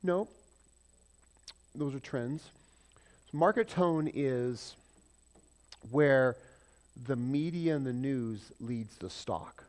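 Animated preaching man. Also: mid-range voice, slow pace, pauses often. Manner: animated, asks the congregation questions, swings between loud and soft. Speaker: pastor. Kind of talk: sermon.

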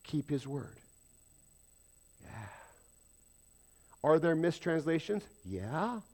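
A man preaching a sermon to a congregation, emphatic, putting questions to the listeners and swinging between loud stresses and quiet asides. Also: a little high, very animated, very slow. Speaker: pastor.

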